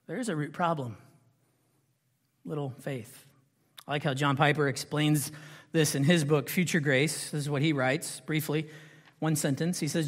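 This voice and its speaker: A man's voice: fairly high pitch, moderate pace, fairly bright tone. Man preaching in a reverberant hall. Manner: preaching with rhetorical questions and swells of intensity. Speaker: pastor. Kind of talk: sermon.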